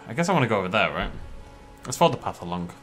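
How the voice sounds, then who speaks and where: Man, gameplay commentary, lively swinging pitch, bright voice, yelps and chats to enemies, faint music behind. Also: racing. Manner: chatty, talks to enemies, jumpy outbursts. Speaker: let's play gamer.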